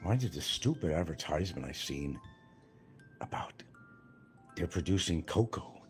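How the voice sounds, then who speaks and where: A man's voice: deep voice, expressive, normal speed, pauses often, soft background music. An older retired man hosting a livestream, rambling casually from topic to topic and swearing freely. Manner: meandering, swears freely, jumps between topics. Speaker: livestream host.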